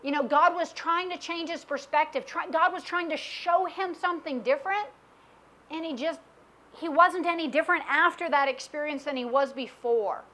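A woman delivers a church sermon in a high, bright-pitched voice. She reads Bible passages and muses frankly, often admitting uncertainty in a plain, conversational way. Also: moderate pace. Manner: candid, self-questioning Bible teaching with acted quotes. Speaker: preacher.

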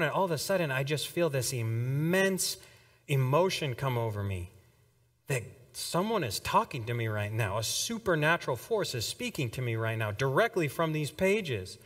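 A young man preaching a sermon, telling his conversion story with shifts between hushed and excited delivery. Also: fairly high pitch, in a large hall. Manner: emotional storytelling, swings between soft and excited. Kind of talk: testimony sermon. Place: church hall.

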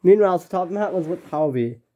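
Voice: mid-range voice, expressive, normal speed, highs cut off, a little hiss or hum. A narrator telling a homemade toy train story in a plain, unpolished read.

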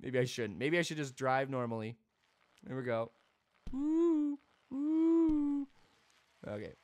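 A man hosting a let's play video, commenting in a goofy, excitable way and laughing often at his own jokes. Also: mid-range voice, a little fast. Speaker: gaming video host.

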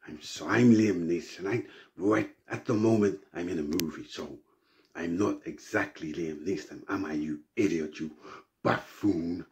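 A man doing a furious, gravel-deep movie avenger. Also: fairly even intonation, normal speed, a little hiss or hum. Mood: blustering. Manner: hurls repeated insults, growling threats, rambling. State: shaking with anger. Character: furious grizzled action-movie father threatening a caller. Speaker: comedian. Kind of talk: comic celebrity impression.

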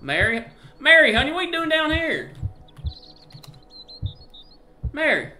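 A man's voice: a little high, expressive, brisk, bright, forceful tone, echoey room, slight background noise. A man voicing a doting husband in a game, speaking in a Southern American accent with sweet, drawling endearments. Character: doting Southern husband calling for his wife.

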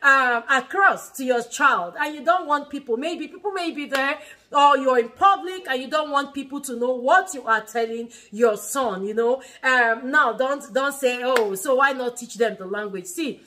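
Her high voice sounds pushed and bright at a normal speed. She's a Nigerian mother in her thirties running a family vlog, chatting casually and animatedly to teach, frequently laughing and restarting what she says.

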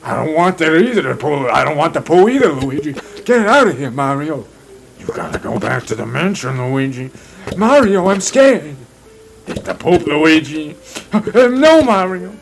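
A man voicing two bickering cartoonish adult male plumber brothers in a high, yelping, nasal put-on voice. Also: big pitch swings, normal speed, creaky, slight background noise. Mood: whiny bickering. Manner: bickering and whiny.

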